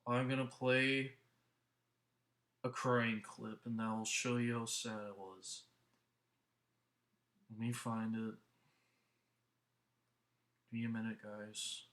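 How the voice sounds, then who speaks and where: A man's voice: medium pitch, flat delivery, slow pace, pauses often, fairly bright tone. A man hosting a casual movie review vlog, talking earnestly in a rambling way with many restarts, into a headset mic.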